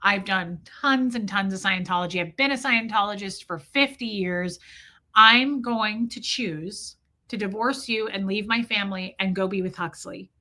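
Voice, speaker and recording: Bright, brash mule-headed man who won't budge, as mimicked by a woman. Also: medium pitch, moderate pace, lightly acted. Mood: smug. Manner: hotheaded, swearing, self-righteous. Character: stubborn defiant middle-aged man, a church member.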